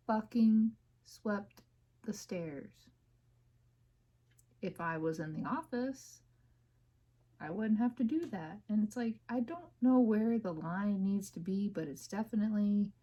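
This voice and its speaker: A woman's voice: medium pitch, animated, slow pace, pauses often, warm tone. A woman hosting her own podcast from her home office, talking casually and venting in a rambling way with lots of fillers. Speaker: podcast host. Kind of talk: casual personal chat.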